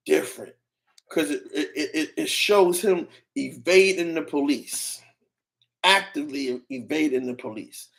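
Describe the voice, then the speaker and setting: A man's voice: on the high side, vocal fry. A young man streaming, giving casual rambling commentary on clips in slang and often restarting his sentences.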